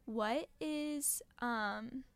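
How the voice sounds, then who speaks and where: A woman's voice: a little high, very slow, smooth, dry recording. A young woman hosting a podcast interview, chatting casually and agreeably with a lot of "like". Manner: agreeable, full of filler "like". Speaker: podcast host.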